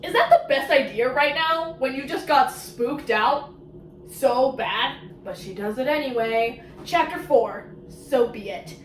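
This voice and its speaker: A woman giving a casual, sarcastic, animated summary of a book she is reviewing. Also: sits high, unhurried, roomy sound, distant mic, a little hiss or hum, rough recording. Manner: sarcastic, animated, exclamatory asides.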